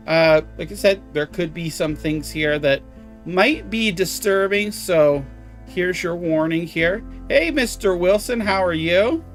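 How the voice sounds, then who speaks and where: A man's voice: high voice, fairly bright tone. A man live-streaming a video game, chatting casually with viewers, exclaiming at the graphics and apologizing for hiccups.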